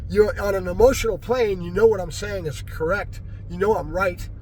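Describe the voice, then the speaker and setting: A man's voice: high voice, normal speed, a little mellow, slight background noise. A man ranting angrily to his viewers in a political vlog, agitated and repetitive, tagging his points with "right?". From California. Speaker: vlogger. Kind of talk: angry political rant to camera.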